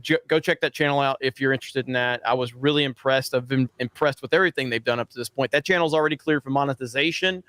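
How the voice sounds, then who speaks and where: A man's voice: mid-range voice, quick pace, few pauses, fairly bright tone, smooth. A man co-hosting a live stream, casually thanking guests and chat as he signs off. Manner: upbeat, thanking everyone. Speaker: co-host.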